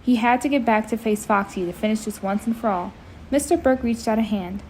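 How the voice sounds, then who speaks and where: A woman reading a scary story aloud in a casual, expressive way, breaking off to chat. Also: fairly high pitch, a little fast, a little hiss or hum, low-quality recording. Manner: chatty, expressive, breaks off to comment. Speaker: amateur audiobook reader. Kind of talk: casual read-aloud with commentary.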